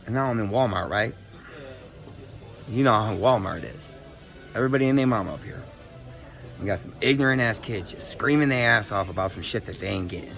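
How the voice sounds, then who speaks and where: A young man telling a story in a casual, profane, animated rant full of street slang. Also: on the low side, normal speed, creaky, long pauses, soft background music. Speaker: vlogger.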